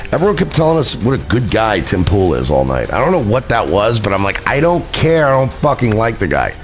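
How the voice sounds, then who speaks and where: A man with a low, gravelly voice talks through a rambling, profane story on a casual livestream, laughing at himself now and then. His pitch swings widely as he gets into it. Faint music plays behind him. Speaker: streamer recounting a party.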